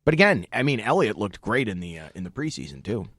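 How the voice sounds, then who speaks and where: Man, podcast co-host, casual sports banter, joking, lively pitch, dry close sound. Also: fast, no room sound.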